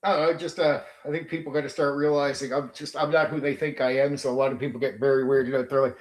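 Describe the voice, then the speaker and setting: A man's voice: a little high, fairly even intonation, fast, hardly any pauses, reverberant. Blunt, profane man ranting on a livestream. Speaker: streamer hosting a tabletop RPG channel. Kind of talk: livestream rant.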